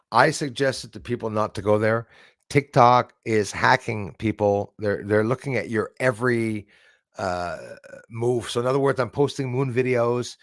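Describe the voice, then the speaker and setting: A man with a gravelly, creaky voice hosts a casual live stream and jokes with his viewers. He rambles along with plenty of fillers and restarts. The sound is close and dry, with no room echo. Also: medium pitch. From Canada.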